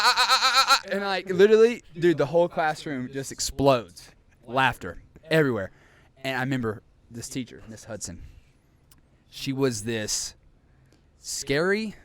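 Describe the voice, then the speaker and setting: Animated young man telling stories. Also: medium pitch. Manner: animated storyteller, acts out scenes, laughs often. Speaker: podcast co-host. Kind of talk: casual chat, storytelling.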